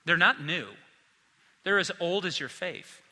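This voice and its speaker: Animated man preaching in a reverberant hall. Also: sits high. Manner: animated, acts out the disciples in quick asides. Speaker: pastor. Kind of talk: sermon.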